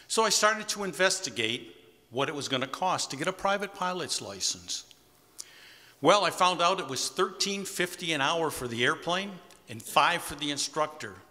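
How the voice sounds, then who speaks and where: A man's voice: fairly high pitch, pushed and bright. A man in his sixties telling a personal story to a live audience in an easygoing, wry, conversational way. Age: 60s. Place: community center hall with audience. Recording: long hall reverb.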